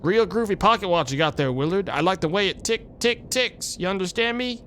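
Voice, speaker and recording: A man voicing a laid-back groovy hippie who talks in a smooth, coaxing way. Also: sits high, lively intonation, fairly quick, a bit bright, a little hiss or hum. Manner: smooth, coaxing, calls everyone baby.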